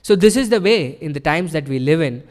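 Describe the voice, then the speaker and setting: This temple speaker's voice is fairly high and darkish, lively in intonation and fairly quick, with a long reverb tail in the hall. His devotional sermon is earnest and explanatory, and he repeatedly checks in with listeners by asking "right?"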